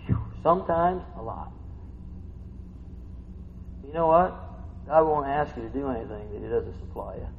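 An older man preaching a sermon, swinging from hushed asides to excited shouts. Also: medium pitch, moderate pace, vocal fry, long pauses, in a large hall, lo-fi sound, slight background noise. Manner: animated, swings from quiet to shouting. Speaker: pastor.

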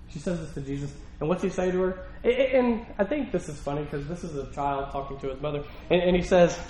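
A man's voice: high voice, sing-song, a little fast, low-quality recording. A male pastor preaching a sermon in a church, talking conversationally with rhetorical questions and emphatic repetition.

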